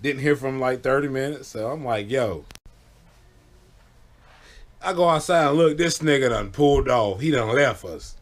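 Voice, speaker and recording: A man's voice: mid-range voice, lively intonation, fairly quick, few pauses. A man telling stories casually into the camera, laid-back and profane, often checking in with his listeners. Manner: laid-back, profane, keeps saying "you know what I'm saying". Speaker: vlogger. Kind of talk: casual storytelling.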